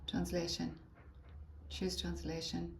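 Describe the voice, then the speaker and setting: A woman's voice: fairly low pitch, completely flat delivery, takes it slowly, vocal fry, roomy sound, a little hiss or hum. A woman leading a live phone tutorial for teachers, chatty and thinking aloud as she taps through the steps. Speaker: teacher trainer.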